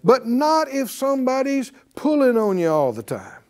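A man's voice: extremely high pitch, wildly swooping pitch, normal speed, darkish tone. A man teaching a Bible class in a preaching style, emphatic and calling on his audience for responses.

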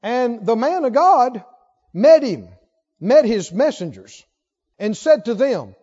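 A man's voice: very high voice, big pitch swings, takes it slowly, mellow. A man preaching a sermon who puts rhetorical questions to his congregation. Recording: long hall reverb, dull lo-fi sound.

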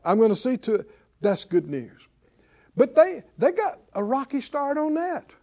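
A male preacher delivering a broadcast sermon. His voice sits high and moves all over the place. He rises into emphatic near-shouts and then drops back down to reason with the listener. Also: a little slow. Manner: animated, rising to emphatic shouts.

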